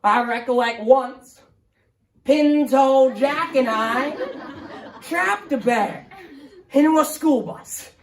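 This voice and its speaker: A crotchety hundred-year-old man, high and quavering, easily offended and forever looping back into the same rambling tale. His old-timer twang drawls out slowly, caught from a distance in a roomy, echoing space. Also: some chatter behind, exaggerated voice.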